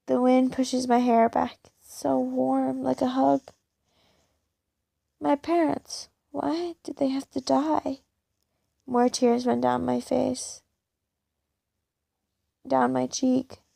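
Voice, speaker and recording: A woman reading a first-person fan fiction story aloud in a plain, unhurried way. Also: high-pitched, gravelly, warm tone, no echo.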